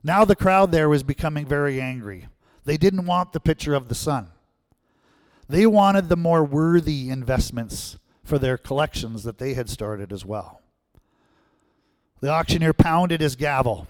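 A male preacher tells a story and then drives it home with repeated rhetorical questions to his listeners. His voice sits fairly high, and the recording is dry and close. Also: expressive, a little slow, dry recording. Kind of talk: sermon with storytelling.

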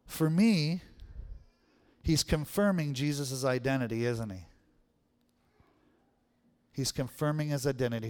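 Pastor preaching in a reverberant hall. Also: male voice, mid-range voice, measured pace, long pauses, a little mellow. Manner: conversational preaching, frequent "right?" check-ins. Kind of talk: sermon. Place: church sanctuary.

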